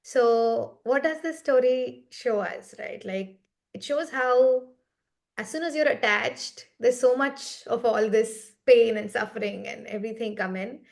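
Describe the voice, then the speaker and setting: A woman's voice: on the high side, unhurried, creaky. A woman leading a meditation session on a video call, telling a story in a reflective, conversational way and often checking in with "right?". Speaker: meditation facilitator.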